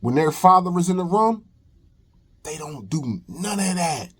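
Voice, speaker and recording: A young man speaks slowly and deliberately in a high voice. He lectures in reaction-video commentary, emphatic and preachy, hammering points home by repetition. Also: sing-song, fairly bright tone, slightly rough. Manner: preachy, emphatic, repeats phrases. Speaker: commentary host.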